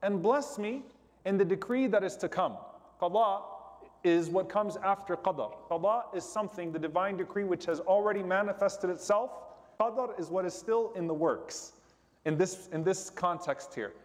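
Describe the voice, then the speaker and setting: A man delivers a sermon in a high-pitched voice, going over each line carefully and repeating it before he explains it. His voice carries a long reverb, as if from a large hall. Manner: explains slowly, repeating Arabic supplications then translating. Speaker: preacher giving a sermon.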